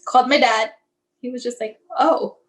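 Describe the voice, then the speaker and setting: High-voiced mother telling an emotional story. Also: brisk, low-quality recording. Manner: conversational, acts out what others said, many fillers like "like"; fragmented, restarting phrasing under emotion. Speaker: guest, mother sharing her son's story.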